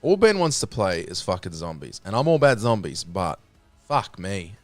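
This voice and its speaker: A man streaming a game, chatting casually with a teasing, sweary, deadpan manner. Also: low voice, normal speed, no echo, faint music behind. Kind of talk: casual gaming chat.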